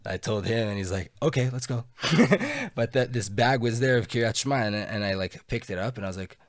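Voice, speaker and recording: A young man telling a story in casual chat, animated and quick, with lots of fillers. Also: lowish voice, no echo, studio quality. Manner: animated, talks fast with many fillers.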